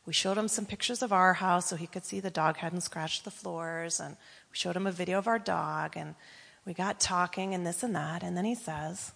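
A woman's voice: fairly low pitch, normal speed, vocal fry, a bit bright. A woman telling an earnest personal testimony story to a congregation, quoting the people she met as she goes. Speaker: church member giving a testimony. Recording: reverberant church hall.

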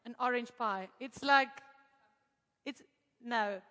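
A woman from Africa, telling a lively testimony to a congregation, animated and laughing often as she acts out the people in her story. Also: fairly high pitch, slow. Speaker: speaker giving a testimony to a congregation. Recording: echoey hall.

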